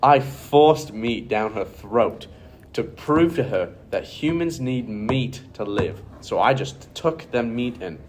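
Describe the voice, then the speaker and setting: A man's voice: mid-range voice, animated, slow, over music. A man playing an arrogant macho male influencer in an amateur comedy skit, ranting bluntly and boastfully. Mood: smug.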